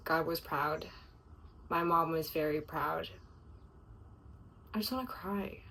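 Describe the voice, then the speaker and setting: A woman's voice: low voice, takes it slowly, sharp tone, far from the mic, low-quality recording. A young woman sharing a casual, confessional video diary, emotional and rambling, her thoughts full of "like". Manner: emotional, rambling, heavy use of "like". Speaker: vlogger.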